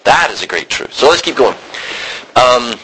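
A man teaching a Bible study class, animated and questioning his students. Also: medium pitch, normal speed, a little hiss or hum, low-quality recording.

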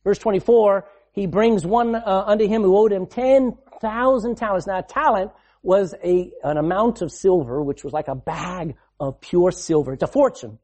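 A man with a high voice preaches a sermon at a moderate pace. He repeats phrases for emphasis and swings between loud and hushed delivery.

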